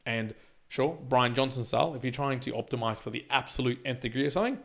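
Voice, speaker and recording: A man's voice: mid-range voice, fast, gravelly, a bit bright. A man co-hosting a podcast in casual chat, making emphatic points and often restarting his words. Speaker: podcast co-host.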